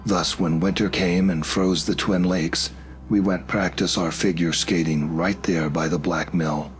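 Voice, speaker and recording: A man narrating a first-person horror story in a steady, measured way. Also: low-pitched, faint music behind. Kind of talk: scripted narration.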